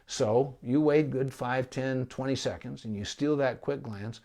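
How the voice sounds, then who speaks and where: A man speaking as a veterinarian in a live-streamed Q&A. He gives calm, measured explanations with pauses and small restarts. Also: medium pitch. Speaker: veterinarian answering viewer questions. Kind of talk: live-streamed Q&A advice talk.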